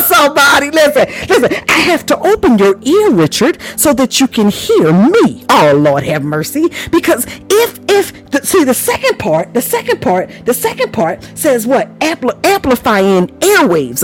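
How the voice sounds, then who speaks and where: A woman preaching a charismatic sermon, exclaiming, laughing often and breaking into tongues. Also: on the high side.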